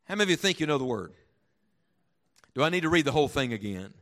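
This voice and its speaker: Dramatic preacher swinging hushed to loud. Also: male voice, fairly high pitch, big pitch swings. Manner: reads scripture slowly with heavy emphasis. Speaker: pastor. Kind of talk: sermon. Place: church sanctuary before a congregation.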